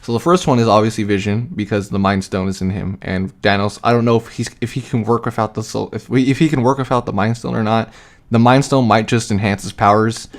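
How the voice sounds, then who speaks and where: Rambling man with a lowish voice. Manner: rambling, many fillers, casual swearing. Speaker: host sharing fan theories. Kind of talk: casual chat.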